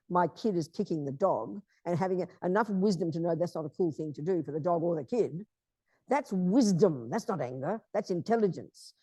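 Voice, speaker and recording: A Buddhist nun giving an informal teaching talk, blunt and emphatic in a conversational way. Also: female voice, lowish voice, warm tone, no echo.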